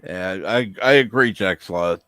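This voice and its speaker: A man's voice: fairly low pitch, unhurried, a bit bright, clear, resonant tone, no echo. A man hosting a live stream, chatting casually and reading out viewer messages. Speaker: stream host reading chat.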